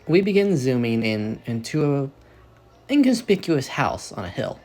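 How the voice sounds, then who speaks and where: Animated rambling young storyteller. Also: male voice, mid-range voice, normal speed. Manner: rambling, self-correcting, animated. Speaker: fan fiction storyteller. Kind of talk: casual narrated fan story.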